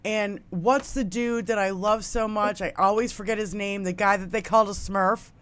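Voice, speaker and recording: A woman co-hosting a casual podcast chat, swearing freely and laughing loudly as she tells stories. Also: mid-range voice, fairly even intonation, normal speed, crowd noise. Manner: loud, laughing storyteller, swears often. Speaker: podcast co-host.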